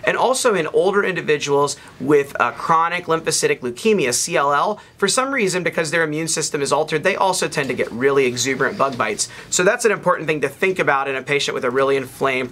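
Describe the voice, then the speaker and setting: A man with a bright, slightly high voice explains pathology slides in a loose, unscripted way. He pauses with ums and restarts phrases as he points things out. It sounds like a narrated teaching recording. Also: a little hiss or hum. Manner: relaxed explaining with fillers and restarts. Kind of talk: narrated microscope slide lecture.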